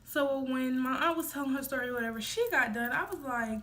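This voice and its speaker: A woman's voice: sits high, fairly quick, hardly any pauses, fairly bright tone. A young woman from the United States telling a casual storytime vlog into her phone, chatty and rambling, talking straight to her viewers. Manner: chatty and rambling, full of fillers, addresses viewers directly. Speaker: vlogger.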